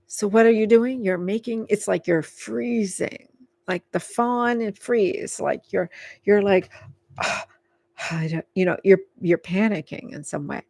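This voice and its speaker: A woman reads tarot live in an unhurried, meandering way, piling up fillers and soft reassurances. Her voice sits at a middling pitch and comes across dry and close, with no room sound. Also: creaky, dry recording. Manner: rambling and filler-heavy, coaxing and soothing. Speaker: tarot reader. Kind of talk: live tarot reading, casual and unscripted.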